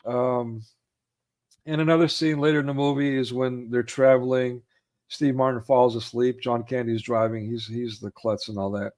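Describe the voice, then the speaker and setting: Male, mid-pitched, casual film chat, rambling delivery that breaks into acted movie quotes. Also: little pitch movement, moderate pace, darkish tone. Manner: rambling, with many fillers and restarts; acts out movie quotes in raised voices.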